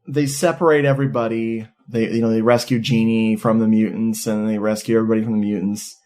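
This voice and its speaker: A man co-hosting a podcast, retelling a movie's plot in an excited, profane, casual way. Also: lowish voice, quick pace. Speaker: podcast co-host. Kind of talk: casual movie review chat.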